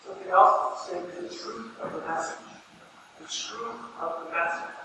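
A man's voice: high voice, moderate pace, noisy background. A man preaching a sermon in a church, earnest and emphatic, repeating key phrases for weight. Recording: echoey hall recorded from far off.

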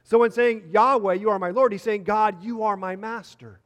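High-voiced man preaching in an echoey hall. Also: moderate pace, fairly bright tone. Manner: earnest, repeats phrases for emphasis. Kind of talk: sermon.

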